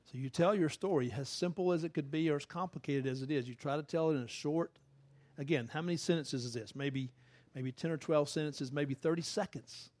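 A man's voice: fairly high pitch, fairly quick, darkish tone, no echo. Chatty preacher man, dry close sound. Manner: conversational, laughs often, acts out quotes. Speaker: pastor. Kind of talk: sermon.

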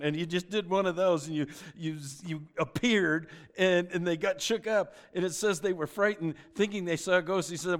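Jokey middle-aged male pastor, slightly high. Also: normal speed, few pauses. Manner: joking asides, animated storytelling; frequent stammered restarts. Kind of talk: sermon.

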